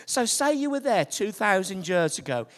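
A preacher delivering a sermon to a church congregation, slow and building to loud, emphatic points. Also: mid-range voice, very animated. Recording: long hall reverb.

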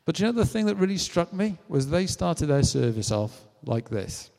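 British preacher in a reverberant hall. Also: male voice, a little high, normal speed, vocal fry, few pauses. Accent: British English. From Britain. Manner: conversational, animated storytelling with acted-out quotes. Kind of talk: sermon.

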